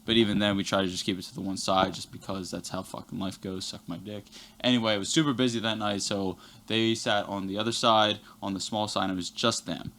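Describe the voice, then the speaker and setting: A man's voice: on the low side, fairly even intonation, a little fast, fairly bright tone, slight background noise. A young man telling a rambling workplace story on a podcast, swearing constantly and talking animatedly. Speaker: podcast guest. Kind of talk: casual podcast chat, storytelling.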